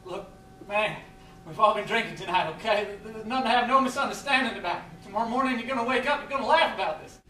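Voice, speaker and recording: A man's voice: high voice, fast talker, sharp tone, pitched above the performer's own voice. A man in a stage monologue voicing the quoted words of other men, urgent and raised. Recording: roomy theatre sound from a distant mic.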